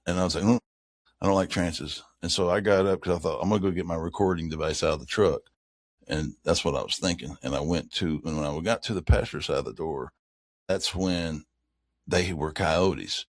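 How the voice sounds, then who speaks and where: A man's voice: deep voice, a little fast, dry recording, studio quality. A man, a guest on an interview with his grown son, telling a rambling story and imitating animal calls. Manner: rambling, imitates owl hoots in stories. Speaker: guest, father of co-guest.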